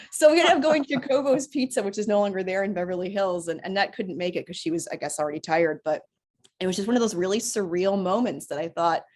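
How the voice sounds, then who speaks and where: A woman from New York, a filmmaker guest on a podcast, telling a story in a lively way and acting out the voices. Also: mid-range voice, a little fast, a little hiss or hum. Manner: lively storyteller who acts out voices, frequent laughs. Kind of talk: conversational anecdote.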